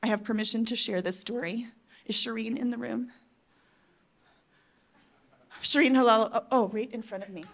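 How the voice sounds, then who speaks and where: A woman giving an impassioned, tearful conference address, pleading and emphatic with her audience, swinging between loud outbursts and soft, hushed moments. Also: fairly high pitch, fairly even intonation, brisk. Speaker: conference speaker.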